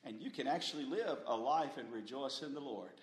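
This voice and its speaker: A man preaching a sermon, rising to loud emphatic peaks and dropping to quiet asides, often stammering and restarting. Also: medium pitch, lively intonation, fairly quick. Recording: echoey room.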